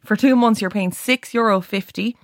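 A woman's voice: mid-range voice, normal speed, no echo, clean studio sound. An Irish woman reporter on a radio advice segment, chatting through phone prices and tips with frequent ums. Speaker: news reporter. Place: radio studio.

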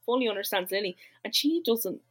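A woman's voice: mid-range voice, animated, a little fast, breathy edge, rough recording. A woman in casual chat as co-host, easygoing and full of "like" fillers.

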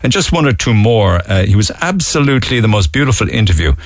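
A man's voice: on the low side, sing-song, fast, no room sound. A man with a Cork accent hosting a radio phone-in in an easygoing way and reading listener emails aloud on a studio microphone. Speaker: radio host.

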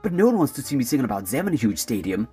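A pompous German man, put on by a comic performer, lectures in a German accent. The voice swoops widely in pitch and sits mid-range. Faint music plays behind. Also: very animated, very fast, a little mellow, breathy edge. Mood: sniffy. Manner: dry, condescending, lecturing. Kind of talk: comic radio sketch.

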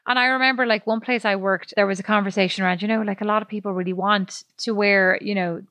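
Woman cohost, bright voice, dry close sound, chatty. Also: medium pitch, fairly even intonation, no room sound. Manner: chatty, quick reactions and laughter. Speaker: podcast co-host. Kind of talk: casual chat.

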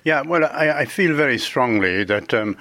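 A man's voice: mid-range voice, lively intonation, normal speed, sharp tone, dry recording. A man speaking as a judge in a radio interview, earnest and firm.

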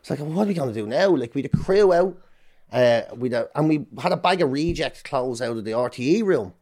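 A man's voice: mid-range voice, animated, a little fast, darkish tone. An Irish comedian in his forties, a podcast guest telling stories in casual chat, swearing freely and acting out quotes. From Ireland.

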